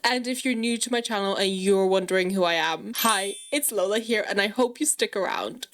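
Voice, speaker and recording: A woman's voice: mid-range voice, normal speed, a bit bright. A woman hosting a gaming channel, chatting through her gameplay with lots of exclamations and playful scolding of her characters. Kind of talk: casual gameplay commentary.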